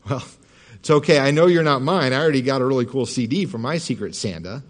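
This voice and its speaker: Man voicing a chirpy college girl, cheerful, high and lively. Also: fast talker, close to an everyday voice. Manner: chirpy, bright.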